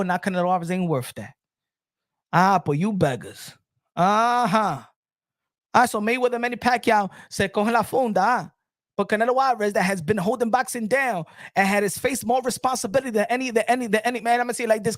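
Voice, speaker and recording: Excitable male boxing pundit. High voice, dry close recording, ranting delivery. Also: no echo. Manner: excitable, ranting, with repeated restarts. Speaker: boxing commentator. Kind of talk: animated boxing commentary.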